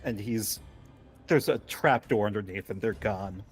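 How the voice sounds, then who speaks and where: A man's voice: fairly low pitch, a little slow, slightly rough, faint music behind. A man playing a tabletop game, speaking hesitantly with laughs. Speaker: player.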